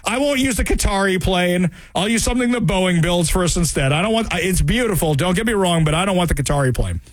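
A male talk radio host giving sarcastic, animated political commentary and hammering points home by repeating them. His voice runs high and swings widely in pitch. The sound is dry and close. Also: fast talker, dry recording.

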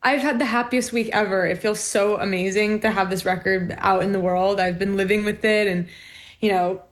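A young American woman in her twenties, a musician guest talking casually over a video call from a dark room, bubbly and gushing. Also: mid-range voice, fairly even intonation, normal speed. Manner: bubbly, gushing, many likes and I mean.

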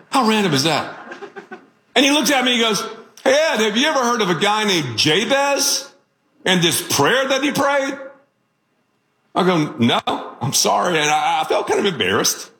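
A man preaching a sermon as pastor, telling stories in an animated, joking way. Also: a little high, reverberant.

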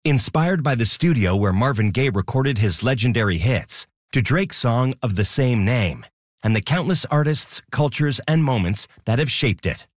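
A male radio announcer reads a station ID and a promo in a polished style. His voice is mid-pitched, and the recording is close and dry. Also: expressive, normal speed, dry recording.

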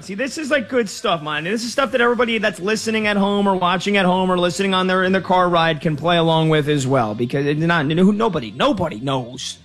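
A man hosting sports talk radio with a somewhat high voice, chatty and self-deprecating. He jokes easily with his crew. Faint music plays under him. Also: a bit bright.

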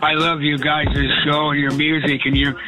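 An eighty-two-year-old man calling in to a radio show, rambling warmly and praising the hosts. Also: on the high side, level tone, normal speed, soft background music. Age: 80s. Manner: warm, rambling, effusive praise. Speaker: caller. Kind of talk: phone call to a radio show. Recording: dull phone line.

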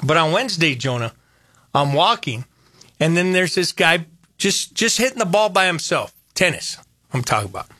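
An older man hosting a radio show in casual chat, telling stories with animated repetition. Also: on the high side, moderate pace, dry recording, studio quality. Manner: animated, storytelling, repeats phrases. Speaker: radio host.

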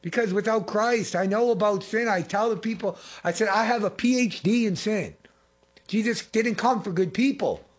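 A middle-aged man preaching a fervent sermon, repeating phrases and swinging between loud and hushed. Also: sits high, normal speed. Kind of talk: impassioned sermon.

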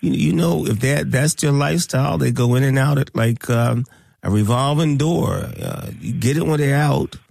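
A man's voice: mid-range voice, normal speed, creaky, a little mellow, dry recording, studio quality. A man hosting a radio talk show, speaking in a preachy, emphatic way and repeating his points.

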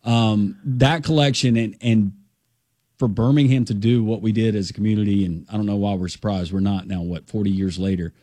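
Low-voiced man from Alabama, radio host. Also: steady tone, brisk, warm tone, no echo. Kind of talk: sports radio talk.

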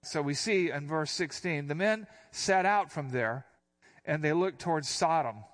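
An older man, a pastor, giving a conversational Bible teaching, reading verses aloud and then explaining them in a relaxed way. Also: a little high, measured pace. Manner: relaxed and explanatory, reads scripture then unpacks it.

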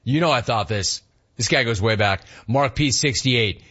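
A man hosting a sports talk radio show, teasing listeners with amused, rapid-fire rhetorical questions. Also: medium pitch, bright, forceful tone, lo-fi sound.

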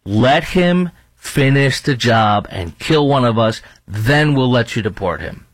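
A man's voice: medium pitch, expressive, a little slow, dry recording, rough recording. A man hosting talk radio, delivering an indignant, ranting monologue with lots of repetition and fillers.

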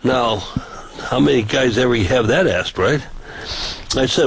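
An older man, a street preacher, tells folksy stories in a casual, rambling way, restarting again and again. His medium-pitched voice is husky and creaky, his pace measured with long pauses, and the audio is poor.

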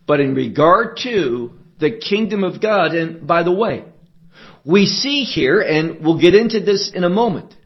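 A man giving a verse-by-verse Bible teaching sermon, explaining deliberately and asking and answering his own rhetorical questions. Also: sits high. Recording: dull lo-fi recording.

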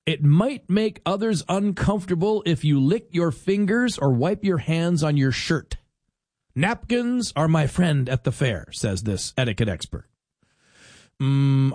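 A man's voice: on the high side, a little mellow, no echo, clean studio sound. A middle-aged man, hosting a casual talk show and telling wry stories with acted-out bits. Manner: chatty, wry, acts out little scenes in put-on voices. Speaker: radio host.

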